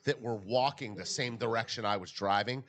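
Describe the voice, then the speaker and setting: A man co-hosting a casual podcast, telling a story in a relaxed way and laughing along. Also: on the low side, moderate pace. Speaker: podcast co-host.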